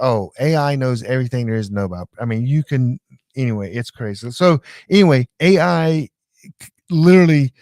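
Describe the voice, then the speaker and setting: A middle-aged man hosting a live show, chatting casually and telling rambling, animated stories full of restarts. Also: mid-range voice, no room sound, clean studio sound. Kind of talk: casual live-stream chat.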